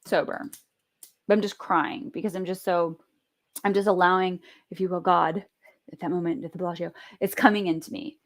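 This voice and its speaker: A woman vlogging at home, telling a story in an animated, chatty way and swearing freely. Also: fairly low pitch, a little fast. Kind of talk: casual storytelling vlog.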